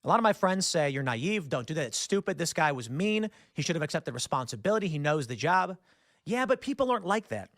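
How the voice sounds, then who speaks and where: A man hosting a podcast, telling a personal anecdote in a casual, animated way with frequent fillers. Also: sits high, no echo, clean studio sound. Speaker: podcast host. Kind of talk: casual storytelling.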